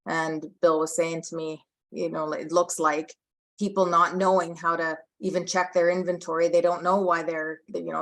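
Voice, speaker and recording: Woman in her thirties, lower voice, rambling. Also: fairly bright tone. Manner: rambling, many restarts and "like" fillers. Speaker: podcast co-host. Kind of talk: recovery podcast discussion.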